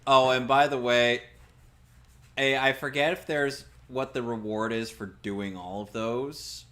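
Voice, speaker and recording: A man chats through a video game playthrough in a casual, wry way. His humor runs sarcastic and dry, and his voice sits at an ordinary middle pitch. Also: fairly even intonation, measured pace, fairly bright tone. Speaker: gameplay commentator. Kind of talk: casual let's-play chat.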